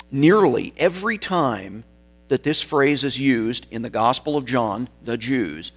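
A man preaching a sermon, explaining scripture and slowing down to stress key words. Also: mid-range voice.

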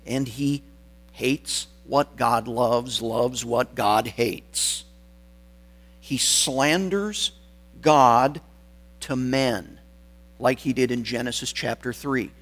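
A man preaching a sermon, stressing key words and pausing for weight between phrases. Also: mid-range voice, a bit bright, low-quality recording. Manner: deliberate, emphatic phrasing with dramatic pauses.

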